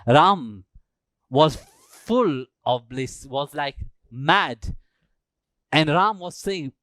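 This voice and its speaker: A male spiritual teacher telling a sacred story during a live talk in a temple, acting out the characters with animated delivery. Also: a little high, drawn-out words, dry recording. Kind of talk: storytelling sermon.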